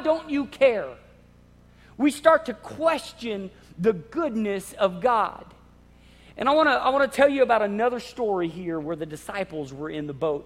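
A man preaching a sermon in an emphatic, animated way, often repeating his words. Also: sits high. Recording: long hall reverb.

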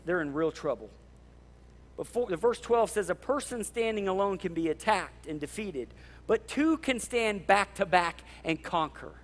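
A male pastor preaching a sermon, fired up and passionate, half yelling. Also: high-pitched. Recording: long hall reverb.

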